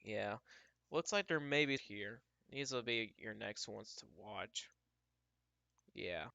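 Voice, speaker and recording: Male storm-tracking streamer, casual think-aloud delivery, smooth bright tone. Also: on the low side, slow pace, dry recording, muffled recording. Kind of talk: live weather commentary.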